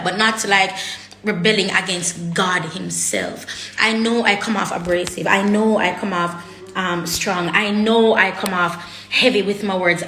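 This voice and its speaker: In an echoey room, a woman vlogger speaks candidly to the camera in a mid-range, fairly bright voice. She is blunt and emotional with her viewers, swearing freely and often repeating herself while she hunts for words.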